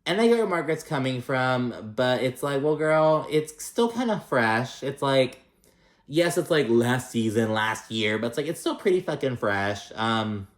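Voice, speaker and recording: A man talks through a reality show episode in a loose, gossipy way. He swears freely and drops into mock voices for the people he quotes. His pitch sits in the middle, and the room around him is noticeably echoey. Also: big pitch swings, unhurried. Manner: chatty and profane, acts out quotes in mock voices. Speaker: reality TV recap host. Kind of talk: casual recap chat.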